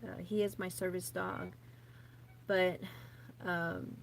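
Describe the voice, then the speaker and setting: A woman's voice: fairly low pitch, level tone, takes it slowly, vocal fry, slight background noise. A woman in her thirties, a vlogger, rambling chattily and nervously to camera with many fillers and restarts. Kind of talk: casual rambling chat to camera.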